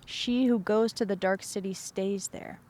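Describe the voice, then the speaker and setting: A woman's voice: mid-range voice, steady tone, a little slow, a little mellow, lightly acted. A stern, angry old father god, voiced by a woman reading a myth aloud. He answers in a cold, dismissive tone that leaves no room for pleading.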